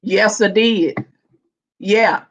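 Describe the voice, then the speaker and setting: A woman chatting casually on a live stream panel, animated and laughing often, with colloquial slang. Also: medium pitch, extremely slow. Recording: dull lo-fi stream audio.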